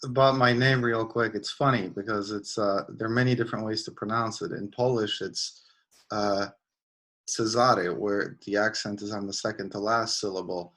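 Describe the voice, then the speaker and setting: Brief: man, mid pitch, bright tense tone, relaxed explainer. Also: moderate pace. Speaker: participant in an online gathering. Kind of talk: casual explanation.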